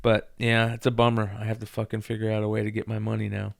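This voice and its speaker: Gravelly, profane podcast storyteller man. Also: lowish voice, monotone, quick pace, no room sound, clean studio sound. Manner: rambling storyteller, heavy swearing, acts out quotes. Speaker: podcast co-host. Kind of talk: casual chat.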